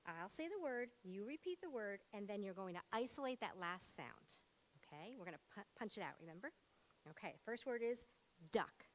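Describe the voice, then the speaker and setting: In a school meeting room, a woman teacher runs a phonics lesson, cheerful and encouraging as she prompts with short words. Her medium-pitched voice has a sing-song quality at a normal speed.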